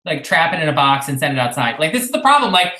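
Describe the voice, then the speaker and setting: A man's voice: fairly high pitch, sing-song, fast talker, echoey room, heavy background noise. A man co-hosting a casual live video chat, easygoing and mildly wry. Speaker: co-host.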